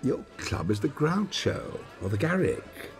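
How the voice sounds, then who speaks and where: A man's voice: medium pitch, huge pitch swings, a little slow, soft background music. An older man from northern England in a scripted radio comedy, speaking in an indignant, scolding way. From Burnley, northern England. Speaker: actor in a comedy sketch.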